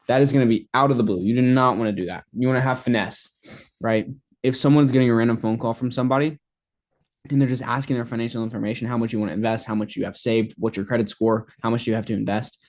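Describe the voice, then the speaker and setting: A man's voice: medium pitch, steady tone, fast talker, a little mellow. A man coaching sales in a casual, filler-heavy way, acting out both sides of sales calls. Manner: laid-back, filler-heavy, switches into a mock caller voice. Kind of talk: casual instructional talk with role-played sales calls.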